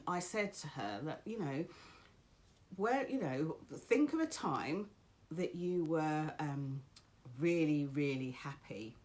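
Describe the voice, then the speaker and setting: A woman's voice: low-pitched, a little mellow. A woman giving a casual motivational talk, telling a story and encouraging her viewers. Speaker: motivational speaker.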